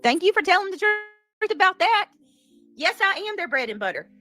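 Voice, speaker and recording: A woman's voice: very high voice, sing-song, moderate pace, pushed and bright, soft background music. A woman hosting a casual livestream, chatting and thanking her viewers by name. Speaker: livestream host.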